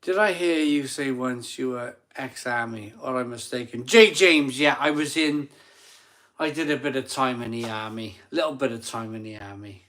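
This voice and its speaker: Tipsy after a few beers, a middle-aged livestream host reads out viewer comments in a casual, chatty way. He speaks at normal speed in a mid-range, slightly bright voice, laughing at himself and rambling with restarts.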